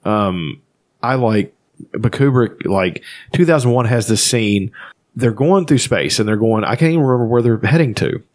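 A man's voice: medium pitch, animated, moderate pace. A man chatting casually on a podcast, rambling and swearing freely as he retells movies. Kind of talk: casual chat.

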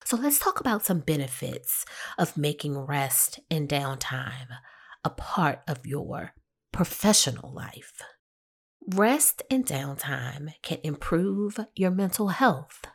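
A woman hosting a solo podcast, talking through her topic in a measured, explanatory way with a husky voice. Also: deep voice. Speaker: podcast host.

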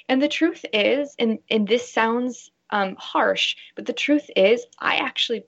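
A woman's voice: fairly high pitch, normal speed, lo-fi sound. A woman who works as a bra fitter, talking earnestly in a casual interview and telling stories with animation.

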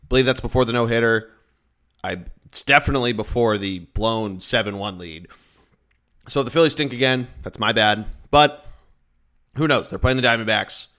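A man's voice: mid-range voice, moderate pace, a bit bright. A man hosting a solo sports podcast, chatting in an upbeat, joking, rambling way. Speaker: podcast host.

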